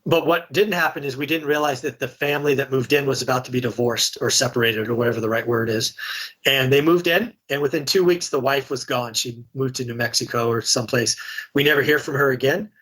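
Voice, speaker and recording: A man's voice: mid-range voice, steady tone, a little fast, a bit bright, breathy edge. A middle-aged man, a real estate investor telling his story candidly in a casual podcast interview. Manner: candid, conversational, many restarts.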